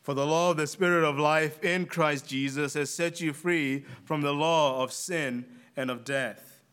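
A man's voice: fairly high pitch, steady tone, a bit bright, clear, resonant tone. A man with a noticeable accent preaching a sermon, earnest and emphatic, repeating key phrases for weight. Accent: non-native English accent. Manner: earnest, emphatic with deliberate repetition.

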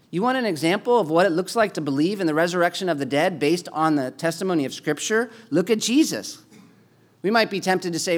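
A man preaching a sermon in a relaxed, conversational way, his voice sitting a little high for a man. He builds in force when he stresses a point. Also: brisk. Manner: conversational preaching, rising with emphasis on key points. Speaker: pastor.

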